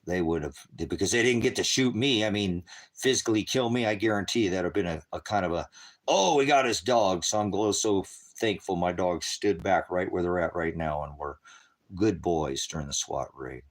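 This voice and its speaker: A middle-aged man preaching on his own ministry stream, angry and cursing, swinging from shouted rants to quiet murmurs. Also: deep voice, moderate pace. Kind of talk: impassioned livestream preaching.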